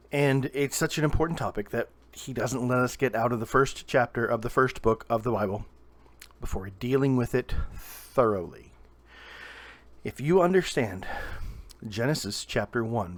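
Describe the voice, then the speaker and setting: A young man from Southern Ohio giving a short video sermon to camera, earnest and emphatic, slowing down and pausing to stress key words. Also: medium pitch. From Southern Ohio, USA. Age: young adult. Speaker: preacher.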